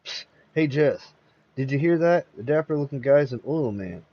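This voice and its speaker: A man's voice: mid-range voice, animated, normal speed, muffled recording, natural voice. A man voicing a folksy small-town male hotel desk clerk, drawling and gossipy.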